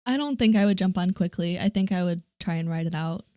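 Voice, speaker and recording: A woman who works as an actor, a guest in a casual podcast chat, talking in a relaxed way with lots of "like". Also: fairly low pitch, a little fast, no echo, clean studio sound. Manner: casual, heavy use of "like". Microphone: studio microphone, close.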